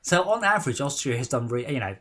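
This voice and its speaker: A man's voice: mid-range voice, sing-song, fast talker, a bit bright. A man in blunt, teasing banter while playing a game on stream, often stumbling over his words. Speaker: gaming stream regular.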